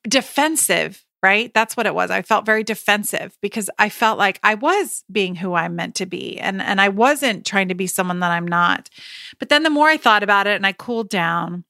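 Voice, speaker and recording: Chatty woman with a bright, dry voice. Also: mid-range voice, no room sound. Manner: chatty and emphatic, with frequent restarts and quoted asides. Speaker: podcast host. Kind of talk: casual solo podcast talk.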